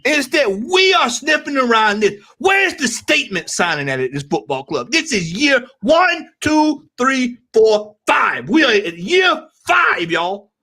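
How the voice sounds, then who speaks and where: A man, ranting loudly on a podcast panel and repeating his points for emphasis. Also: very high-pitched, very animated, unhurried, hardly any pauses. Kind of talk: heated podcast rant.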